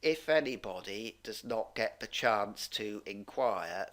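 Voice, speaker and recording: Male English tutor, low voice, formal and patient explainer on a video call. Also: fairly bright tone. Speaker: English teacher. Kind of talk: online Q&A session.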